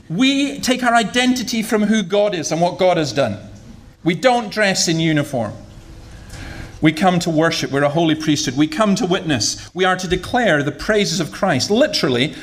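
A man's voice: high voice, expressive, moderate pace. A man preaching a sermon in a conversational, humorous way, often repeating words as he goes.

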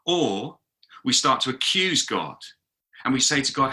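A man in middle age preaches with a very bright, ringing tone. He tells stories briskly and slips into the voices of the people he quotes, then returns to his plain preaching voice. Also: medium pitch. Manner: lively storytelling with acted-out quotes. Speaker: pastor. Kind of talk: sermon. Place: talk recorded for an online gathering.

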